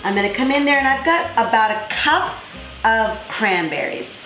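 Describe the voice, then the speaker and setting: An enthusiastic woman chef walks through a recipe in a kitchen, gushing over every step. Her voice carries an echoey ring from the room. Music plays clearly behind her. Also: fairly high pitch, expressive, moderate pace, pushed and bright. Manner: effusive, enthusiastic, chatty. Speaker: cooking show host. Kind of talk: cooking demonstration.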